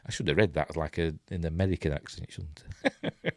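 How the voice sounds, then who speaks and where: A man's voice: extremely low pitch, brisk, dry recording, clean studio sound. A man with a Yorkshire accent hosting a live news stream, reading sci-fi stories and breaking off for wry, sarcastic asides.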